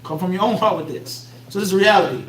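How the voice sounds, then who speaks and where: High-voiced Philadelphia man lecturing in an echoey room. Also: expressive, fast, a bit bright. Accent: Philadelphia American. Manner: fills in blanks with rhetorical "what?" questions; blunt, streetwise phrasing. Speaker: Islamic teacher. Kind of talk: religious lecture to a class. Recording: echoey room, mic far off, faint hum.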